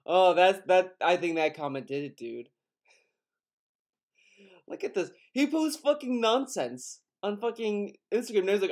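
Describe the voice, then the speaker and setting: A young man with a fairly high voice gives sarcastic online commentary. He is mocking and exasperated, and he swears freely as he picks apart what he reads. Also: lively intonation, measured pace. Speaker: commentary youtuber.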